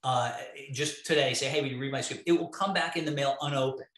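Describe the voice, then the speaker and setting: A man, an interview guest, telling a long story in an animated, profane way. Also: medium pitch, fast talker, a little hiss or hum. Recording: roomy echo.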